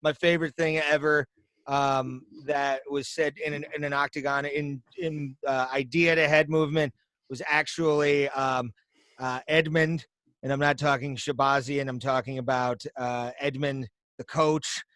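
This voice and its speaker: A man's voice: mid-range voice, level tone, unhurried, a bit bright, no room sound. A man co-hosting a podcast, chatting casually with playful jokes and hype. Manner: joking, playful hype with goofy asides. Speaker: podcast co-host. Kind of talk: casual chat.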